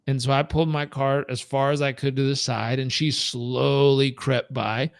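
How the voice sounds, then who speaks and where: A man in his thirties leading a live coaching training, telling stories and acting out quoted voices with big jumps in pitch. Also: fairly even intonation, normal speed, vocal fry, few pauses, dry recording. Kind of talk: live training talk with storytelling.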